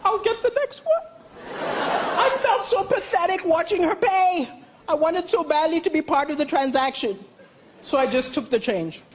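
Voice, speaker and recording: A man from Malawi doing a stand-up comedy set on a television stage, deadpan and self-mocking with bursts of mock shouting. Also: extremely high pitch, moderate pace. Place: television stage before a live audience. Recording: noisy live stage with audience laughter.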